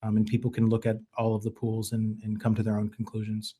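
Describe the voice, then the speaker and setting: A man speaking in a casual audio chat, explaining his plan in halting starts and repeated words. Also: fairly low pitch, monotone, mellow, husky.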